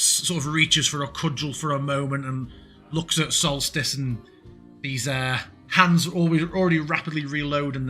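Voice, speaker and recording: Bright-voiced man running a tabletop game. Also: on the high side. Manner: descriptive, with frequent fillers and restarts. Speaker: game master.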